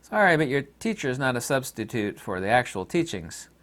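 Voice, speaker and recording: A man giving an impassioned monologue to camera about Buddhism, emphatic and combative, swinging between loud outbursts and quiet asides. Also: medium pitch, sing-song, brisk. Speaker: video lecturer on Buddhism.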